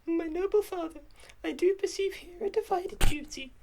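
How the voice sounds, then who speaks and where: A man voicing a dutiful young noble woman in a comic script reading, earnest and softly pleading. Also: very high-pitched, normal speed.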